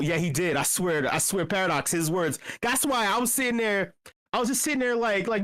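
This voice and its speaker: A man telling a rambling bar story in a casual chat, swearing often, stumbling over restarts and acting out what people said. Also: quick pace. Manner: animated, profane, many restarts and fillers; acts out quoted speech with big pitch jumps. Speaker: meetup regular telling a story.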